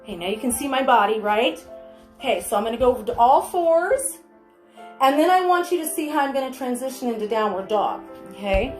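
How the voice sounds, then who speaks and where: A woman's voice: on the high side, lively intonation, brisk, echoey room, faint music behind. A woman guiding a yoga class with chatty, encouraging step-by-step cues. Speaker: yoga instructor. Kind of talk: guided yoga instruction. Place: home studio room.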